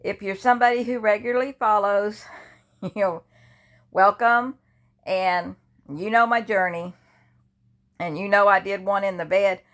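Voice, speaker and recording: An older woman lying in her bed indoors talks casually into a phone held at arm's length for her personal grief vlog. Her mid-range, slightly bright voice keeps a steady tone and measured pace, pausing often as she rambles chattily with many restarts.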